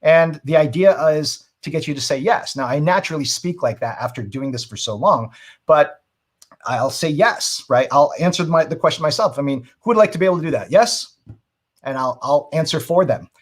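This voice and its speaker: A man's voice: a little high, expressive, moderate pace. A middle-aged man teaching marketing in a live seminar, persuasive and emphatic, often checking in with rhetorical questions. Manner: emphatic with frequent asides. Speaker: webinar marketing trainer.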